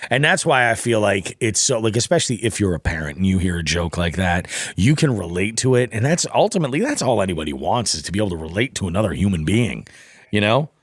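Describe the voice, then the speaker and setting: A man hosting a podcast in casual chat, enthusiastic and quick to laugh. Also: lowish voice, big pitch swings, dry recording, studio quality. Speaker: podcast host. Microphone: studio dynamic mic.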